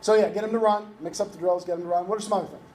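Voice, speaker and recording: A man's voice: high-pitched, fairly even intonation, very fast, darkish tone, slight background noise. A man giving a coaching workshop talk, conversational, constantly checking in with "right?". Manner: conversational, keeps asking "right?". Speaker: youth baseball coaching instructor.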